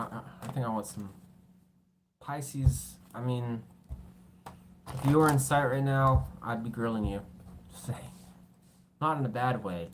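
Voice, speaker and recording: Very deep-voiced woman tarot reader. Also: background noise. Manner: rambling, joking, swears casually. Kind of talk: casual tarot reading.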